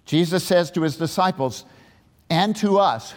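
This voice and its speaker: His voice sits fairly high and swings widely in pitch as this pastor preaches at a normal pace. He weaves a story into the sermon and fires emphatic questions at the congregation, his words echoing through a large, reverberant church sanctuary.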